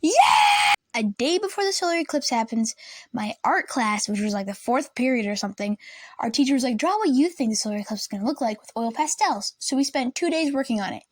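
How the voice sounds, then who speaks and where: Young woman, high voice, animated storytime vlogger, dry close recording. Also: quick pace, no echo. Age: young adult. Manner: animated, acts out classmates and teachers. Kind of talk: casual storytime. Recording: dry close room, faint lamp buzz.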